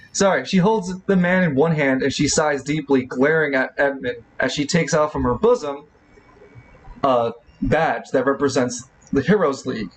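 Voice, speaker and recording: A man's voice: a little high, normal speed, a little hiss or hum, poor audio. Rambling game master man. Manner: rambling, many fillers and restarts. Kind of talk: narrating a tabletop game.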